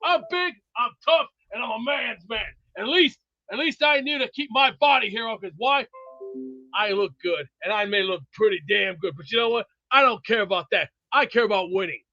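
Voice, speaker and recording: A man with a strikingly high, bright voice throws out blustering insults and brags, often breaking into shouts. The sound is dry and a little dull, like a cheap mic. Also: expressive, normal speed, no room sound, faint music behind. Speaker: show regular. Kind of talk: brash trash-talking banter.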